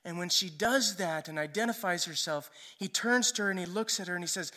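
A man's voice: high-pitched, a little fast, hardly any pauses, sharp tone. A male preacher giving a sermon in a conversational storytelling way, often checking in with "right?".

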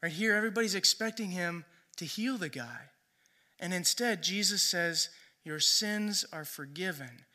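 A man's voice: high voice, moderate pace, sharp tone. A man preaching a sermon in a conversational storytelling way, often checking in with "right?". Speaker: pastor.

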